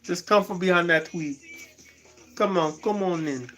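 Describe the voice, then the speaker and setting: Man plays bossy Jamaican parent, high and barking. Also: measured pace, pushed and bright, faint music behind.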